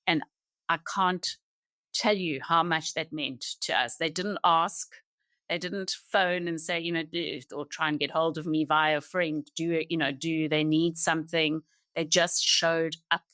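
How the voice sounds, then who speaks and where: A middle-aged woman speaking as a podcast guest in an earnest, reflective, halting way, often restarting her sentences. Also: low voice, steady tone, sharp tone, dry recording, clean studio sound. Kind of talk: reflective personal conversation.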